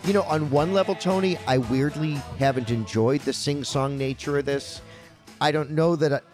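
A man's voice: a little high, moderate pace, darkish tone, soft background music. A man co-hosting a podcast in casual chat, talking bluntly and candidly, with jokes and occasional swearing. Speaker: podcast co-host.

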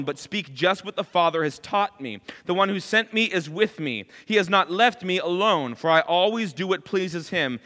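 A man preaching a sermon in an animated way, acting out lines of dialogue as he goes. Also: on the high side, long reverb tail.

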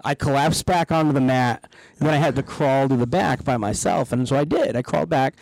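A man's voice: mid-range voice, brisk, gravelly, darkish tone, dry recording, poor audio. A man telling a long, profane wrestling anecdote on a casual podcast and acting out the quotes. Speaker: guest telling a wrestling story.

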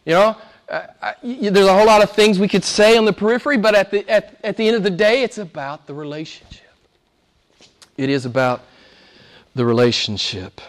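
Passionate preaching man, fairly high voice. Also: animated, fairly quick. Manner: passionate preaching, swings from loud exclamations to hushed whispers. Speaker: pastor. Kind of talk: sermon.

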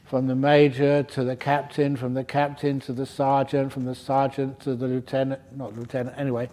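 A man's voice: mid-range voice, level tone, normal speed, warm tone. A man giving a dharma talk to a retreat group as their meditation teacher, humorous and digressive, breaking off to joke. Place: retreat centre meditation hall.

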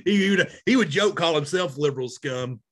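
A man, co-hosting a podcast in casual chat, animated and self-mocking. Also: on the high side, fairly quick. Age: 30s. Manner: animated, loud, self-mocking, laughs often. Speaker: podcast co-host.

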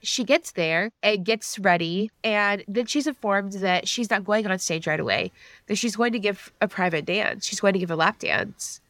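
A woman's voice: medium pitch, normal speed, fairly bright tone, no echo. A woman co-hosting a podcast, retelling a book's plot in casual chat with dry humor. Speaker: podcast co-host. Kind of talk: casual book recap chat.

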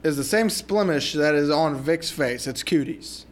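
A man's voice: a little high, moderate pace. Crude joking man on a podcast. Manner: crude, joking, swears freely. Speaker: podcast co-host. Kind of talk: casual movie chat.

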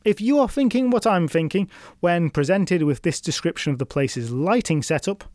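A male storyteller reads a folk tale, building scenes with drama and tossing in wry asides. His voice sits slightly high. The recording is close and dead dry. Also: lively intonation, moderate pace, darkish tone, dry recording. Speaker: storyteller host. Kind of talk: scripted folklore narration.

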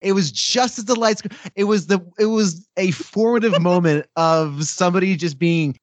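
A man's voice: high voice, normal speed, dry recording. A man co-hosting a movie podcast, chatting casually and telling stories with laughs. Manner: animated, laughing storyteller. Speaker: podcast co-host.

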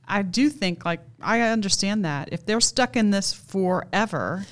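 A woman's voice: mid-range voice, animated, a little slow. A woman in casual book-club chat, thoughtful and a little self-deprecating. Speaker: book club podcast host.

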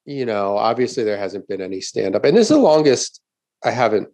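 A man's voice: fairly low pitch, animated, brisk, a little mellow. A middle-aged man, a stand-up comedian, telling a story in casual chat, swearing often and acting out the crowd's reactions.

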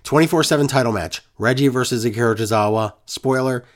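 A man's voice: mid-range voice, fast. A man co-hosting a casual wrestling recap podcast, ranting in a sarcastic, exasperated way.

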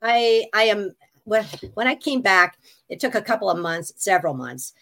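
A woman's voice: medium pitch, expressive, normal speed, gravelly, fairly bright tone. A middle-aged woman recounting her experience in an interview, with a mid-range voice. She talks candidly and with animation, slipping into the voices of the people she quotes and laughing as she goes. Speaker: guest describing a near-death experience.

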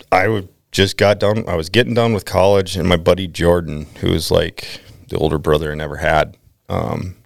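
A young adult man, a podcast guest, chatting casually and telling stories with lively mock quotes and free swearing. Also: deep voice, gravelly, no echo, clean studio sound. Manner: animated storyteller, quotes people in mock voices, swears freely.

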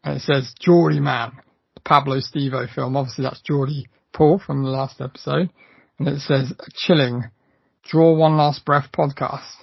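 A man's voice: mid-range voice, fairly even intonation, moderate pace, vocal fry, slightly rough, no room sound, dull audio. A man co-hosting a casual podcast, talking with enthusiasm and plenty of fillers and restarts. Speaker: podcast co-host.

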